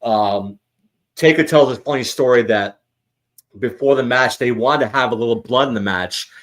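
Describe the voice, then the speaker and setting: Male host, average pitch, rambling casual talker. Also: moderate pace. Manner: rambling, many restarts. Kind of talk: casual chat.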